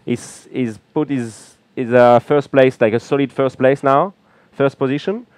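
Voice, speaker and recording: A man with a French accent giving relaxed, chatty live commentary from a small booth at a beach event, with frequent fillers. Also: medium pitch, measured pace, no room sound. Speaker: color commentator.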